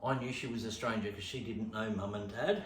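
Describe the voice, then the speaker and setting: A man with an Australian accent rehearsing stand-up, telling a story with lots of swearing and sudden jumps from whispers to shouts. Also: fairly low pitch, steady tone, a little fast, a little hiss or hum. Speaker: stand-up comedian. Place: room at home. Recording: echoey room, distant mic.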